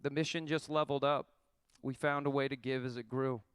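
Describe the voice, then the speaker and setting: Man in his thirties, wry profane storyteller, smooth resonant voice, dry close sound. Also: medium pitch, little pitch movement, a little fast, a bit bright, no room sound. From Oklahoma. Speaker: band member telling a tour story. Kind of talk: storytelling talk to an audience.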